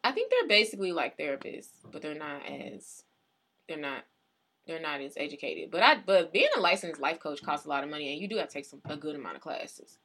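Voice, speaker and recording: A young woman co-hosting a casual podcast chat. Her voice swings widely in pitch as she argues her point, insistent and quick to laugh. The tone is bright and forward. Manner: animated, argumentative, laughs often. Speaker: podcast co-host.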